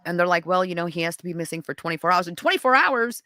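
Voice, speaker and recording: Podcast guest, woman, bright voice, dry close sound, animated storyteller. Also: very fast, dry recording. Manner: animated storytelling, rising to high exclaims. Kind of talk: casual conversation.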